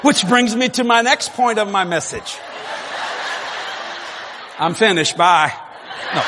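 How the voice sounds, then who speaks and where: Animated joking preacher man, echoing hall. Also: drawn-out words, pauses often, a little hiss or hum. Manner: animated, joking preacher who swings from low murmurs to shouts. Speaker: pastor. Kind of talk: sermon. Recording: long hall reverb, faint ambience.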